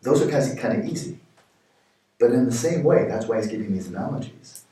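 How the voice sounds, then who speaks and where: A man in his sixties giving a meditation retreat talk, explaining with playful everyday examples and sudden lively jumps in pitch. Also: fairly quick. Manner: animated, playful examples, rising pitch for jokes. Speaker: meditation teacher. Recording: echoey hall from far off.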